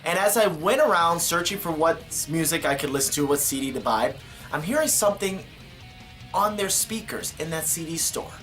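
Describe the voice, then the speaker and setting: An enthusiastic man talks in a casual monologue to camera. His voice is lively and full of pitch swings, with a playful edge. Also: normal speed, music in the background. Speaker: vlogger.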